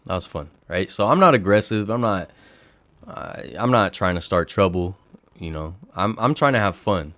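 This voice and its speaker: A man's voice: low-pitched, animated, moderate pace, fairly bright tone, no echo. A man hosting a livestream, chatting casually and telling a story, acting out the exchanges he quotes. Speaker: livestream host. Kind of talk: casual storytelling to a live chat.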